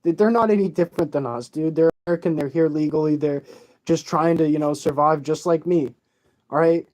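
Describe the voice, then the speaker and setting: A tearful vlogger pours out a rambling, swear-filled rant straight to camera. The voice sits at a middle pitch with a dark, mellow tone, and the delivery is agitated and restless. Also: fairly quick. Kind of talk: emotional profane rant to camera.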